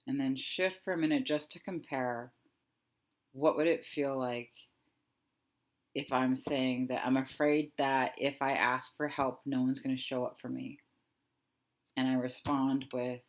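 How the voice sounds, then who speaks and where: A woman in her thirties giving a guided reflective talk as a wellness coach, speaking softly and slowly with thoughtful pauses. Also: very deep voice, fairly even intonation. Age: 30s. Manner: soft, slow and reflective, with pauses.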